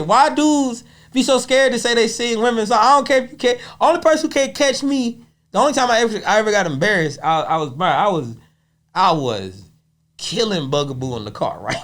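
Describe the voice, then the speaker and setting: A man's voice: very high voice, huge pitch swings, a little fast, a bit bright. A man who is a comedian guest, telling stories in a loose, rambling way during a casual interview chat. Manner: loose, rambling storytelling with frequent laughs.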